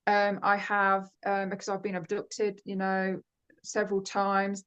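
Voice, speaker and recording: A woman with grown children, a guest in a casual conversation, talking quickly and restarting her sentences often. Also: mid-range voice, completely flat delivery, a bit bright, clean tone, lo-fi sound. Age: adult with grown children. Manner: talks fast, with many fillers and restarts. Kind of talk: casual conversation about personal experiences.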